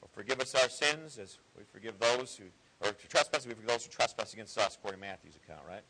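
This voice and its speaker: A man's voice: fairly low pitch, fast talker, creaky, bright, forceful tone, breathy edge, rough recording. A man preaching a sermon in an earnest, conversational way with folksy asides. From Ohio.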